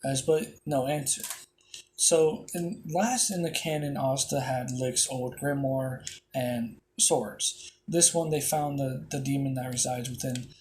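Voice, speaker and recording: A man's voice: medium pitch, fairly even intonation, a little slow, darkish tone, a little hiss or hum. A man casually retelling a fan-made story, rambling with many fillers and restarts.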